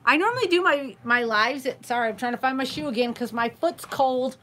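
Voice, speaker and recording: Bubbly lady rambling on a midnight live stream, bright sharp voice, a bit high. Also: lively intonation, brisk, a little hiss or hum. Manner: giggly, chatty, teasing. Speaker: crochet channel host. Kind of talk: late-night live stream chat. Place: home at night.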